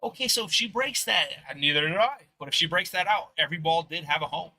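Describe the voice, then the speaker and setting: A man doing live commentary on a pool match from a booth in a sports bar, talking in an animated, rambling way that slips into motivational rants. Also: on the high side, fast. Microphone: booth microphone.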